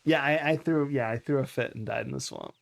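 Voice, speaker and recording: A man's voice: mid-range voice, a little fast, creaky. A man streaming a game live, chatting casually and poking fun at himself while thanking viewers.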